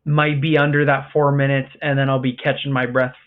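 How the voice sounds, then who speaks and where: A man's voice: medium pitch, flat delivery, brisk. A man chatting casually as a co-host, frank and self-deprecating. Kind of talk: casual podcast talk. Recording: tinny phone-like call audio.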